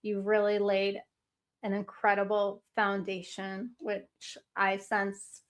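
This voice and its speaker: A woman's voice: medium pitch, monotone, slow pace. Enthusiastic woman host losing her voice. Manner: enthusiastic, affirming, long winding questions. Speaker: podcast host. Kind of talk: interview.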